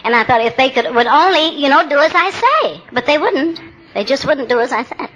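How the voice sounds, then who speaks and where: Sharing her own recovery story at a meeting, a woman in her seventies speaks with candor, plain words and wry humor in a personal testimony talk. Her high voice is animated, brisk and a bit bright, though the recording is muffled.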